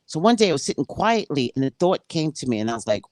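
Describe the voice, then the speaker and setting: A woman who works as a psychic, reading from a spiritual book and commenting on it, acting out dialogue like an animated storyteller. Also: low voice, quick pace, no echo.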